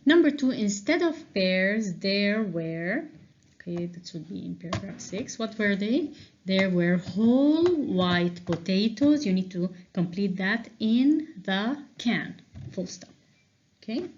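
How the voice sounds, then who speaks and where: A woman teacher going through revision answers with a class, explaining slowly and checking in with frequent "okay?"s. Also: mid-range voice, animated, darkish tone, a little hiss or hum. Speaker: English teacher. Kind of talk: revision lesson walkthrough. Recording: dull lo-fi recording.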